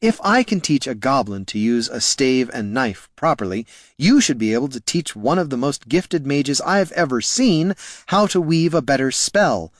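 A man voicing a blunt, violent, hard-drinking woman ranger with a sharp, scolding manner in an audiobook. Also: mid-range voice, big pitch swings, normal speed, no room sound, clean studio sound, pitched above the performer's own voice, natural voice. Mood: scornful.

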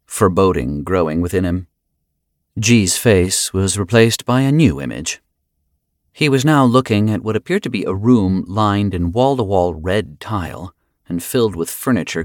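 Male narrator, deep voice, grave, measured, audiobook reading, dry studio sound. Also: animated, no room sound. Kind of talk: scripted narration.

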